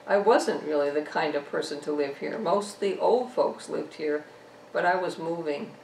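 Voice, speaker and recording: Gravelly woman reading her novel aloud. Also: low-pitched, darkish tone, a little hiss or hum. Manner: measured first-person storytelling. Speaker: author. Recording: echoey room, distant mic.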